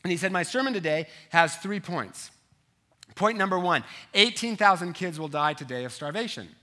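Male pastor in his fifties, sermon delivery, bright and slightly high voice, animated storyteller. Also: normal speed. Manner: animated storytelling, asides to the congregation.

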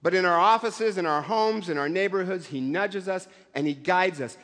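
Middle-aged male pastor, high voice, casual joking sermon, long hall echo. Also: moderate pace, hardly any pauses, a bit bright. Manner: conversational, self-deprecating humor, acts out voices. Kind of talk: sermon with humorous asides.

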